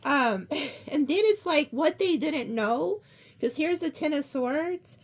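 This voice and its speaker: A woman giving a casual tarot card reading, chatty and excitable, often gasping. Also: sits high, slow pace. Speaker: tarot reader.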